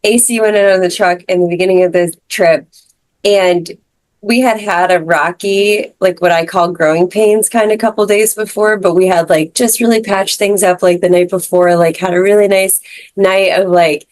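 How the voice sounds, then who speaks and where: A woman on a podcast, chatting casually and telling a long personal story. She talks in a loose, rambling way, full of fillers and restarts, in a voice of middling pitch. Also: steady tone, moderate pace, darkish tone, no echo. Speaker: podcast co-host. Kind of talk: casual chat.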